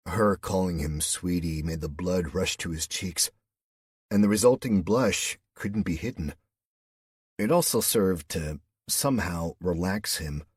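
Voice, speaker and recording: A man narrating an audiobook in a steady storytelling manner. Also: sits low, husky, no echo, clean studio sound. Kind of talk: scripted narration.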